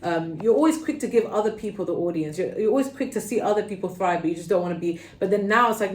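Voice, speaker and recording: Woman, London accent, mid-pitched, talkative tarot reader; roomy sound. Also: fast talker. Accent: London English. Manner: chatty, animated, peppered with "okay?" and "like". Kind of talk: casual pick-a-card tarot reading. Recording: roomy echo.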